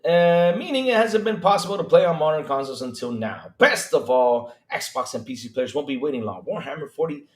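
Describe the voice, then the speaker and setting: A man hosting a casual gaming news livestream, reading articles and chatting with viewers in a slangy, excitable way. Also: on the high side, brisk, hardly any pauses, roomy sound. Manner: animated, reads chat aloud, slangy asides. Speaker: podcast host.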